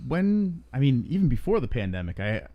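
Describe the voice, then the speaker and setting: A man's voice: mid-range voice, big pitch swings, a little fast, muffled recording. A man co-hosting a casual news chat show, teasing and bantering. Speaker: co-host.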